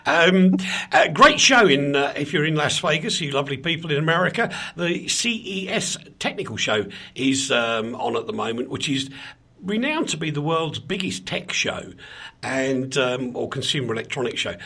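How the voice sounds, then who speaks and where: A man with a bright, slightly husky voice that moves a lot in pitch, reading items and teasing his co-hosts. He often chuckles between phrases. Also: expressive, moderate pace. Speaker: co-host. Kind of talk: casual banter, reading news items.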